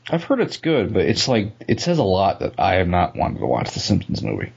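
A man's voice: low voice, wildly swooping pitch, brisk, gravelly, a little mellow, slightly rough, highs cut off. A man co-hosting a casual podcast chat, ranting with lots of swearing and frequent laughter. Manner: profane, ranting, laughs often. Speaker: podcast co-host.

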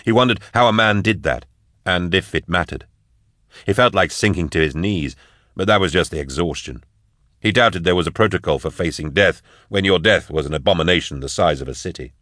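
A man reading scripted narration from an audiobook, in a steady, measured way. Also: low voice, no room sound, clean studio sound.

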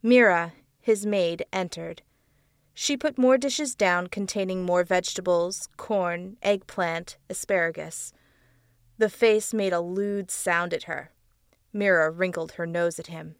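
A woman narrating a dark audiobook story in a measured storytelling voice. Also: on the low side, smooth, no room sound, studio quality. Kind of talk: scripted narration.

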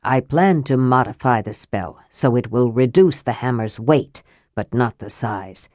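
Woman putting on a low murmury sly wizard guy, sardonic, dry close sound. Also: measured pace, no room sound. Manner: soft, low, reproachful murmur. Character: frail, sly male mage, cold and sardonic. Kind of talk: audiobook character voice.

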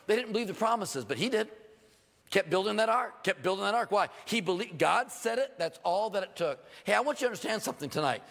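High, gravelly preacher in an echoing hall. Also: male voice, fast. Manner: animated preaching, acting out quoted voices with sudden jumps in pitch. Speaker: pastor. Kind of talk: sermon. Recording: long reverb of a large hall.

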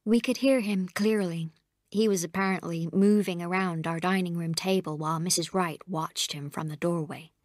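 A woman reading a novel aloud, often dropping into a soft, whispered delivery. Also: lowish voice, steady tone, moderate pace, no room sound, clean studio sound. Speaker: audiobook narrator.

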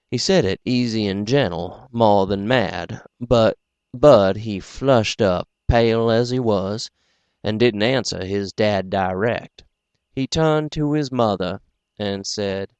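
A man with a low, smooth voice reads a book aloud at an unhurried pace. He is dry and self-deprecating, with casual pauses between phrases. The recording is close and dry. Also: a little mellow, no room sound. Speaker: podcast host and audiobook reader. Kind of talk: casual audiobook narration.

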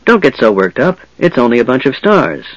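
A man's voice: mid-range voice, very animated, a little fast, dry recording. A big warrior speaks to his brother plainly and soothingly, as a man reads him. Audiobook dialogue in a mid voice, dull and dry. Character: big male warrior, protective older twin. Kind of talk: audiobook character voice.

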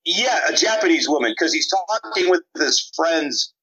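A man chats casually on a film podcast. His voice is bright and forward, with a husky edge, and he keeps slipping into the characters' voices as he retells scenes. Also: fairly high pitch, expressive, moderate pace, poor audio. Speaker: podcast co-host. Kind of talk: casual chat.

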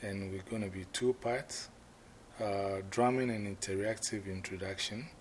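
A man explaining the parts of a planned drumming performance to a fellow performer, halting and restarting as he thinks aloud. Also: fairly low pitch, a little hiss or hum. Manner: halting, with many fillers and restarts while he plans aloud. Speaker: performer leading a rehearsal.

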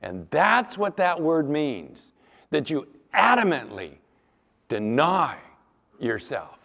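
Male pastor, slightly high voice, emphatic storyteller, long church-hall reverb. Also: very animated, slow pace, creaky, a bit bright. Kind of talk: sermon.

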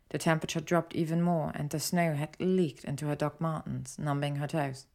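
A woman reading a fan fiction story aloud in an even, steady narrating manner. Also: deep voice, creaky. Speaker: audiobook reader.

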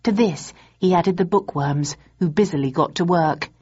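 A woman reads a novel aloud in an even, measured way, her voice husky and pitched on the low side. The recording sounds dull and lo-fi, like an older audiobook. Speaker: audiobook narrator. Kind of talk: scripted narration.

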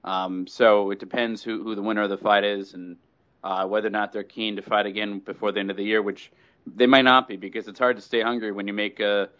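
A man co-hosts a chat show, working through an argument step by step in a measured way. His voice sits on the low side. The audio is dull and lo-fi. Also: level tone, fairly bright tone. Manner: measured, reasoning aloud. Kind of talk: casual chat.

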